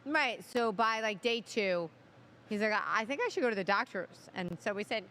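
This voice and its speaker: A woman's voice: mid-range voice, animated, sharp tone. A middle-aged woman co-hosting a casual chat, telling a family story in a chatty way, full of asides. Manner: chatty, talks fast with asides. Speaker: co-host.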